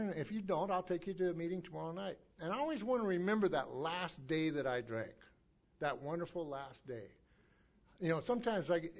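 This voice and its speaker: A middle-aged man from Montana shares his story before a recovery group, speaking in a folksy, rambling way that doubles back on itself. His voice sits a little high for a man. The sound is dull and lo-fi, as on an old cassette. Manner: folksy storytelling with many restarts. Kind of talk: recovery meeting talk. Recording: dull lo-fi tape recording.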